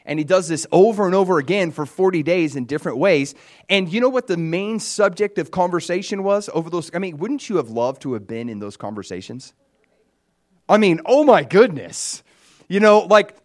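A high-pitched man gives a casual Bible teaching, retelling the story in an animated, conversational way full of fillers.

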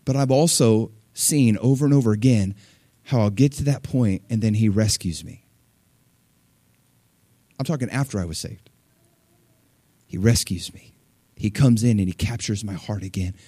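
A man preaching a sermon, conversational with fillers and small laughs, rising to loud peaks and dropping to hushed asides. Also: fairly low pitch, normal speed, pauses often, dry recording. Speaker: pastor.

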